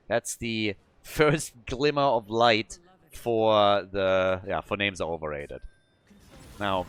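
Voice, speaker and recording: A man calls a live esports match in play-by-play. His voice sits in a middle register. He swings from calm, measured analysis into sudden loud bursts of hype. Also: medium pitch. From Germany. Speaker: esports caster.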